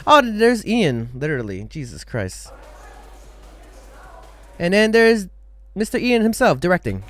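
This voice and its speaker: A young man streaming live with a lively, bouncing voice that swings widely in pitch. He talks casually and excitedly, full of slang, as he reacts to a music video. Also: unhurried.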